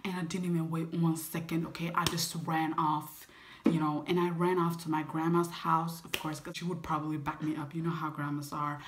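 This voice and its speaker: An eighteen-year-old woman vlogger telling a dramatic story, lively, with frequent whispered asides. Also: lowish voice, slight background noise. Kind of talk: storytime vlog.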